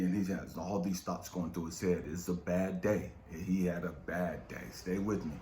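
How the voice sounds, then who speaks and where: A man's voice: sits low, steady tone, moderate pace, mellow, slight background noise. A man, a spiritual coach, telling a motivational story in a street-casual, profane way, often checking in with his listeners. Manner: street-casual, profane, keeps asking "you know what I mean". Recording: roomy echo.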